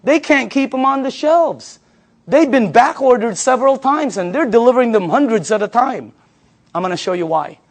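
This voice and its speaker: Male, 50s, high voice. Animated sales presenter who repeats audience answers. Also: normal speed. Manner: animated storyteller, echoes audience answers back. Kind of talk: sales pitch to a live audience.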